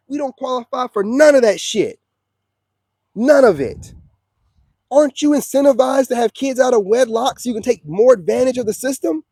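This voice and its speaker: A man's voice: extremely high pitch, expressive, normal speed, dark tone, breathy edge, no echo. A man from the United States, delivering a heated, preachy monologue full of slang and "you know what I'm saying". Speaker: online commentator. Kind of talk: ranting monologue.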